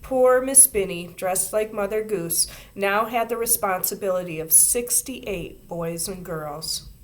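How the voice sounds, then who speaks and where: A woman reading a children's book aloud in an expressive storytelling way. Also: mid-range voice, a little slow. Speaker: reader.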